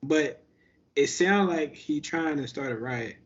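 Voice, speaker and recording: Brief: high-pitched male co-host, blunt and insistent, muffled lo-fi audio. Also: slow, breathy edge. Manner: blunt, insistent, pushes back. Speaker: podcast co-host. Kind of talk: casual podcast debate.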